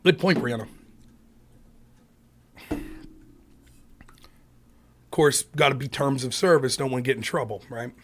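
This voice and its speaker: A man's voice: mid-range voice, a little slow, long pauses, a little hiss or hum. A man hosting a political live stream, ranting in a profane, combative, sarcastic way. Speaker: livestream political commentator.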